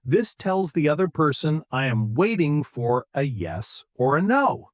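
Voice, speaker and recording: A man co-hosting a podcast for English learners, explaining intonation slowly and clearly and acting out examples. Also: fairly high pitch, sing-song, no room sound, studio quality. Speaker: English teacher, podcast co-host. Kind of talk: scripted English lesson.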